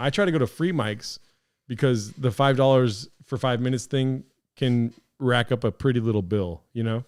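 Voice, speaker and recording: A man's voice: mid-range voice, smooth. A man streaming for hours, reacting to clips with dry, sarcastic, rambling talk.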